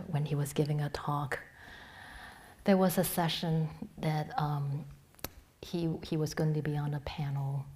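Low-voiced woman giving a soft dharma talk. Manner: halting, with many restarts and fillers; often drops to a soft, breathy near-whisper. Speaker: Dharma teacher.

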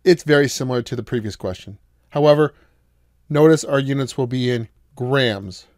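A male math lecturer walks through a problem at a patient, steady pace, pausing to quiz his students. His voice sits at an ordinary middle pitch. The recording is dry and close, with no room sound. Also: no echo. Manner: patient, explains step by step with questions to students.

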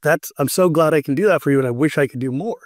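A man hosting a podcast, chatting casually and telling animated stories with frequent laughs. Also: on the high side, fast, no room sound, studio quality. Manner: animated storyteller who laughs often. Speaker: podcast host.

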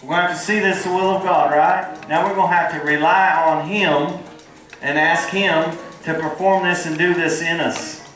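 A man's voice: a little high, steady tone, normal speed, a bit bright, soft background music. A man preaching a sermon in a folksy, earnest way and drawing responses from the congregation. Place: church hall. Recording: echoey hall from far off.

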